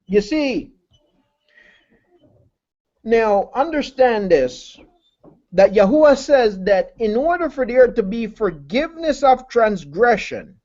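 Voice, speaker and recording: A man's voice: extremely high pitch, big pitch swings, takes it slowly, a little mellow, dull audio. A man preaching a sermon who repeats key phrases, asks his listeners rhetorical questions and calls them family.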